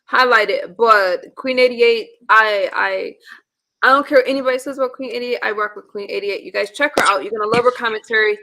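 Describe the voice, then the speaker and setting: Gravelly, bright-voiced woman streamer. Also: fairly high pitch, fairly quick. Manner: chatty, rambling with many restarts. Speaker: livestream host. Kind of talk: casual live-stream chat.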